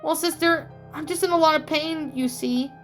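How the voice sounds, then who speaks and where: A woman voicing a grieving young woman who survived a zombie outbreak, speaking softly and tearfully in a read-aloud story. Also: high-pitched, normal speed, faint music behind, voice pushed up, natural voice. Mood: sad. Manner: tearful, soft-spoken.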